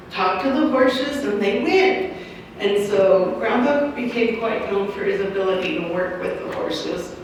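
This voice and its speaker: An older woman recalls family history for an audience, wandering through her memories with ums and restarts. Her mid-range voice is heard from well back from the mic, with a long hall reverb and a faint hiss beneath it. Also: mid-range voice. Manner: unhurried, rambling recollection with ums and restarts. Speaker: local history speaker. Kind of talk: family storytelling talk to an audience. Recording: echoey hall recording from far off, light noise.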